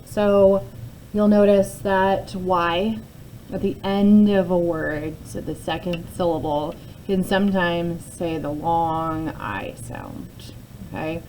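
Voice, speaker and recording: Brief: woman teacher, lower mellow voice, patient step-by-step phonics lesson, faint noise behind. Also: slow, rough recording. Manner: patient, explains step by step with frequent "okay?" check-ins. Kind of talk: phonics lesson, talking through a word sort.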